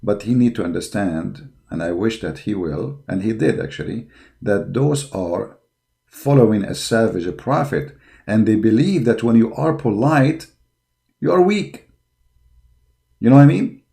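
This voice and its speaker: A religious commentator speaking non-native English delivers impassioned online commentary, combative and preachy with frequent fillers, growing heated and mocking. His lowish voice is gravelly and warm, animated yet unhurried.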